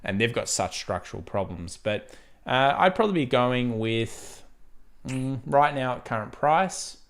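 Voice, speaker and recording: A man's voice: mid-range voice, lively intonation, a little slow. A young Australian man with an Australian accent, hosting a casual live trading stream and chatting easily as he goes through charts and viewer questions. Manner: chatty, laid-back, laughs easily while reading chat. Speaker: trading livestream host. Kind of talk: casual live market commentary.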